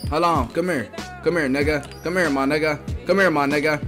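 A young man giving trash-talking commentary over his gameplay, swinging between loud taunting shouts and low muttering. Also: lively intonation, a little fast, soft background music. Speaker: gaming streamer.

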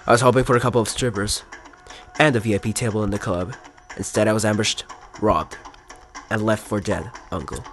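A man reading game dialogue aloud in his own voice, voicing an aggrieved young male gangster nephew in a flat, casual way. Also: medium pitch, fast, faint music behind, close to an everyday voice.

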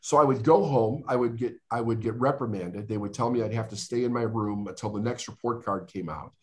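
A man's voice: mid-range voice, a little mellow. Earnest man telling a hard-times story. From United States. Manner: earnest, emotional storytelling with dramatic pauses. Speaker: podcast guest. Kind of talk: storytelling interview.

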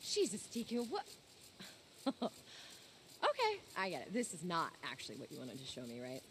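A woman's voice: sits low, huge pitch swings, normal speed, fairly bright tone, slight background noise, full character voice. An actress playing a young woman scientist in a video game, wry and teasing, with a dry, easily amused manner. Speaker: game character. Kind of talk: video game dialogue acting.

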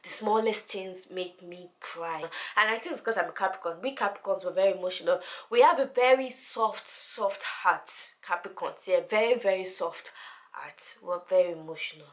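A young woman chatting to camera as a vlogger, animated and repeating words for emphasis. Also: mid-range voice, normal speed. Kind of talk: casual chat to camera.

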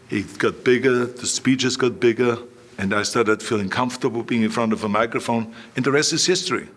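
An older man telling anecdotes in an interview, repeating himself and acting out voices he quotes. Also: medium pitch. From Austria. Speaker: interview guest. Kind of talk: storytelling in an interview.

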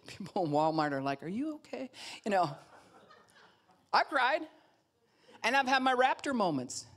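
Woman, pastor, sermon, low voice, very expressive pitch, animated delivery, acts out voices. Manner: animated, acts out quoted voices, laughs often.

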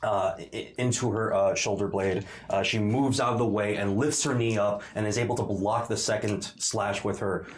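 A man narrating a tabletop game as dungeon master, describing the action in a halting way with many pauses. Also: fairly low pitch, steady tone, slight background noise. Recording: roomy echoey room.

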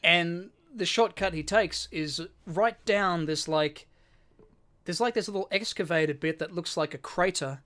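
Bright-voiced Australian man telling a rambling story. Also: high-pitched, unhurried. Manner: rambling, repeats words, swears casually. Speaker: podcast co-host. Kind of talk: casual chat, telling a story.

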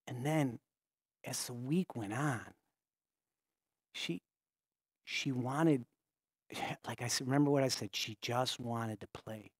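A male pastor telling a story in a sermon in a conversational way, stopping and restarting his sentences and often dropping to a hushed voice. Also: medium pitch, slow, long pauses, husky, dry recording, clean studio sound.

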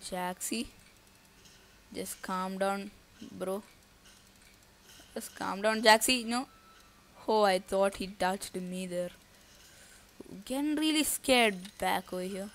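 This gaming YouTuber has a mid-range voice and talks slowly, leaving long pauses. She gives casual live commentary on her own gameplay, thinking aloud, breaking into nervous outbursts, and addressing viewers in slangy talk.

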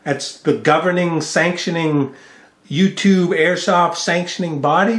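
Cursing and mocking someone, a vlogger from the US delivers an angry, profane home-vlog rant at normal speed. His voice sits on the high side, the sound is roomy, and he uses a studio microphone with a mixing board.

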